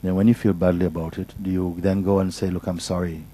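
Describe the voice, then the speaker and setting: A man speaking as a spiritual teacher, patiently and softly giving advice at a gathering, often restarting his sentences. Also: low-pitched, flat delivery, fast, a little hiss or hum, poor audio. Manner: patient, soft-spoken, with frequent restarts. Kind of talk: gentle advice in a question session.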